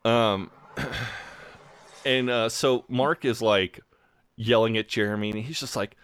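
Low-voiced American man hosting a podcast. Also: measured pace, no room sound. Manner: animated storyteller acting out quoted lines. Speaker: podcast host. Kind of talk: casual chat.

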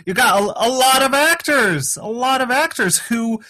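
A man co-hosting a casual behind-the-scenes chat, chiming in with quick agreements and examples. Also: very high-pitched, expressive, sharp tone. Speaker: podcast co-host.

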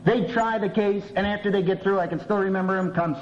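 Animated man lecturing on old cassette. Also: high voice, quick pace. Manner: humorous, animated, acts out voices. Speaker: seminary professor teaching. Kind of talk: lively lecture with acted quotes. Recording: dull old cassette tape with faint hiss.

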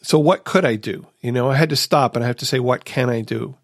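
A man's voice: mid-range voice, quick pace, no echo. A man with a mid-range voice hosts a recovery podcast in casual conversation. He tells personal stories earnestly and asks himself rhetorical questions. The close, dry mic leaves no sense of a room. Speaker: podcast host.

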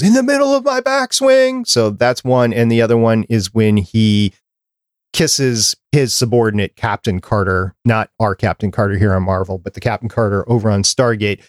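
A man's voice: mid-range voice, darkish tone, smooth, no room sound, clean studio sound. A man hosting a podcast, chatting casually as he works through a prepared list. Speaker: podcast host.

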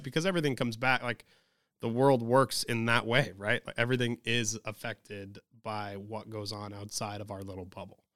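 A young podcast co-host talks in a fairly low voice, recorded at studio quality with no room sound. His casual chat is blunt and animated, and he swears freely.

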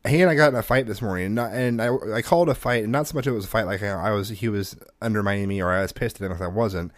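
A man's voice: fairly low pitch, rapid-fire, dry recording. Guy in his 30s rambling through a story about his kid, dry sound. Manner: rambling storyteller, acts out his toddler's lines. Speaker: podcast co-host. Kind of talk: casual chat.

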